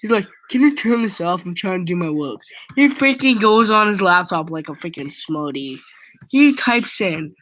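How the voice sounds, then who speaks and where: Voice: mid-range voice, a bit bright, low-quality recording. A young teen vlogger telling a school story in a rambling, casual way, dropping "freaking" into nearly every sentence.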